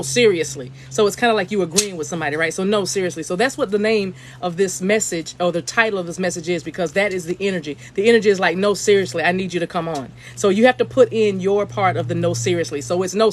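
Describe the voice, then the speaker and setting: A woman's voice: lowish voice, a little hiss or hum. Chatty woman giving a spiritual reading. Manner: chatty, repeats phrases, chants in light language. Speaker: spiritual reader. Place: outdoors on her deck.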